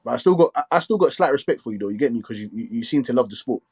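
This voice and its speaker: A man hosting a casual live stream, talking quickly and filling his speech with "you get me". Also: medium pitch, animated, a little mellow, breathy edge. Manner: fast, repetitive filler "you get me".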